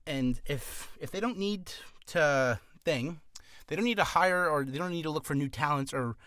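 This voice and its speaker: A man's voice: on the high side, normal speed, fairly bright tone, dry recording, clean studio sound. A man who is a voice actor, giving casual advice in a rambling, self-deprecating, jokey vlog.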